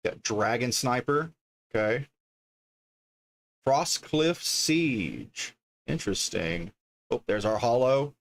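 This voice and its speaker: A man's voice: mid-range voice, animated, takes it slowly, creaky, pauses often. A man casually chatting on a livestream as he opens card packs, reading card names aloud and easily delighted by the art. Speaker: streamer opening card packs.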